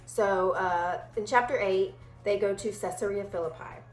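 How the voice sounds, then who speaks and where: A woman's voice: mid-range voice, soft background music. Chatty woman teaching Bible study, echoey room. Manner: chatty and animated, acts out quick playful voices.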